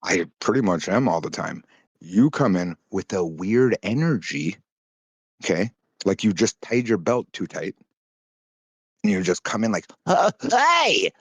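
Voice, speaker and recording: A man with a low voice, talking loosely and at length on a stream call. He rambles and breaks into quick impressions, heard close and dry with no room sound. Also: breathy edge, no echo. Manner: rambling, swings into animated impressions. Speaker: stream guest. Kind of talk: casual chat.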